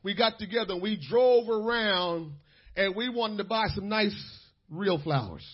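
A man with a strikingly high, husky voice preaches a sermon with fervor, dropping to a soft storytelling tone and then rising to shouts. His talk is full of "uh"s and repeated words. The recording sounds dull and lo-fi. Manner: fills pauses with "uh", repeats words.

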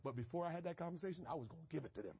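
A man preaching a conversational sermon, dropping to a hush and then rising to shouts, acting out little conversations and laughing at himself. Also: a little high, animated, racing, muffled recording, slight background noise. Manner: conversational preaching with big swings from hushed to shouting. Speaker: pastor.

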